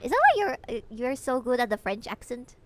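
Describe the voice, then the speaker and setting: With a sing-song lilt and a slightly quick pace, this young Peruvian woman talks casually with her stream chat as a VTuber. Her voice is on the high side, her accent Peruvian Spanish, and she giggles playfully over light background noise.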